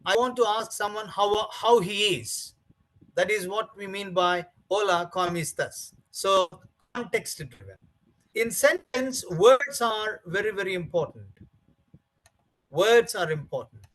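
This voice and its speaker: High-voiced man lecturing teachers. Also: a little slow, a bit bright, poor audio. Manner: repetitive, emphatic, many fillers. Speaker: teacher trainer. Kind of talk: training lecture.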